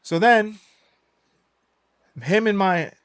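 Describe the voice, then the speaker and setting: A young man hosting a podcast, telling a story in a casual, animated way, swearing freely. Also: high-pitched, very slow, smooth, dry recording, studio quality. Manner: animated, swears freely, acts out quoted voices. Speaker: podcast host.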